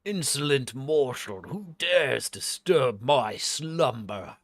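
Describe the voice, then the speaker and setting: A man voicing a haughty, ancient male spirit cat who guards a tavern, reading game dialogue aloud with booming, imperious commands. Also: lively intonation, slow pace, a bit bright, dry recording, exaggerated voice. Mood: commanding.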